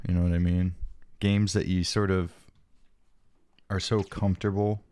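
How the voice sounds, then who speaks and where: Low-voiced man chatting on a stream. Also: level tone, a little slow, dark tone, clear, resonant tone, no echo, studio quality. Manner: rambling, self-deprecating, reads chat aloud. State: sniffly from allergies. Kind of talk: casual live-stream chat.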